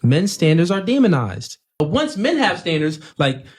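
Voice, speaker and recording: Brief: high, animated male debater, emphatic and argumentative. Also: moderate pace, husky.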